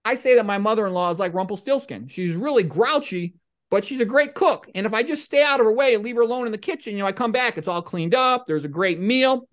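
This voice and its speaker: A middle-aged man hosts a podcast and talks his way through comic stories and quotes. His delivery stays deadpan and wanders into rambling asides. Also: high-pitched, quick pace. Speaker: podcast host. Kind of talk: comic monologue and storytelling.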